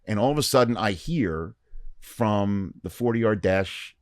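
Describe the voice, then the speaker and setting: Middle-aged male podcast host, very low pitch, loose chatty storyteller, dry studio sound. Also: a little slow, no room sound. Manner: rambling, animated anecdote-telling with many fillers. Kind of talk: casual storytelling chat.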